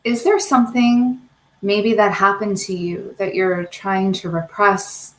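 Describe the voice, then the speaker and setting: A woman's voice: mid-range voice, fairly even intonation, slow pace. A woman who is a guest on a podcast, talking in an open, chatty way and laughing easily. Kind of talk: casual interview chat. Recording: roomy echo.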